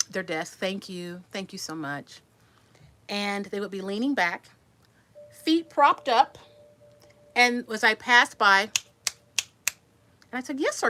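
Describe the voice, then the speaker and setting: A woman's voice: mid-range voice, bright, forceful tone. A woman in her sixties telling a personal story to her viewers in a chatty, rambling way, restarting words and answering comments while resting after surgery. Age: 60s. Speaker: vlogger.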